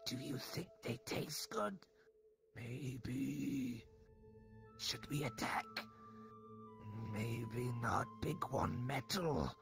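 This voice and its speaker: A man voicing a gravelly little cave imp. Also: medium pitch, expressive, a bit bright, soft background music, full character voice. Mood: sneaky whisper. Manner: broken simple speech, slow. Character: small primitive impish cave creature, wary.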